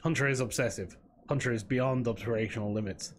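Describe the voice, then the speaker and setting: Man playing a terse vending-machine AI, clipped fragments, mid-pitched, faint hiss behind. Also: brisk, natural voice. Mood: clipped, urgent. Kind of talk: reading game dialogue aloud.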